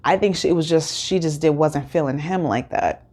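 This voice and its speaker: A woman hosting a show recaps an episode in a relaxed, meandering way, her voice slightly low and a little mellow. She speaks at a normal speed, her talk packed with fillers and false starts.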